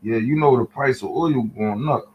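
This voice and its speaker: A man's voice: medium pitch, normal speed, muffled recording, slight background noise. A man chatting casually off camera, laid-back and slangy, teasing. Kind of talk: casual chat.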